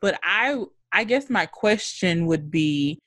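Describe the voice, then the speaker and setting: A woman co-hosting a podcast in casual chat, animated, swearing and laughing often. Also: on the low side, slow, no room sound, studio quality. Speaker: podcast co-host.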